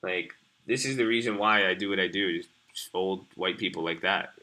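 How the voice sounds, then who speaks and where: A man's voice: low voice, normal speed, sharp tone. A young man hosting a live stream, rambling casually and profanely as he talks to his viewers. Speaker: stream host.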